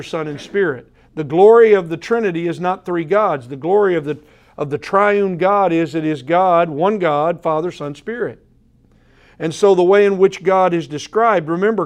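A man preaching an evening sermon, earnest and emphatic, slowing down to repeat key words and addressing his listeners directly. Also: on the high side. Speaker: pastor.

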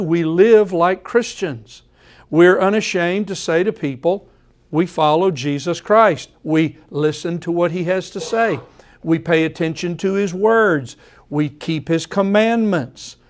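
A pastor preaching a sermon, slow and deliberate, repeating key phrases for emphasis. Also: male voice, high voice.

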